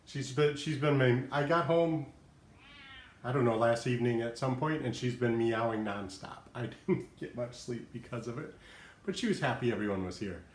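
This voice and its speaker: A man's voice: medium pitch, normal speed. A man hosting a casual live stream from home, out of breath, chatty and laughing often as he rambles. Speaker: livestream host. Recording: echoey room.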